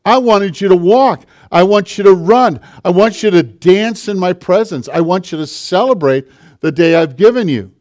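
A man's voice: high-pitched, lively intonation, normal speed, darkish tone. A man voicing God calling out to his child, in fervent, pleading declarations.

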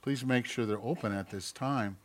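A man preaching a sermon, swinging from loud mocking outbursts to quiet asides and acting out quoted voices. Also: medium pitch, normal speed. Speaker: pastor.

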